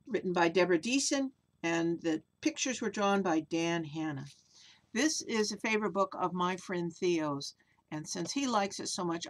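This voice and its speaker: A woman reading a picture book aloud to children, gentle and expressive in a child-friendly way. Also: on the low side, vocal fry. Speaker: children's storyteller.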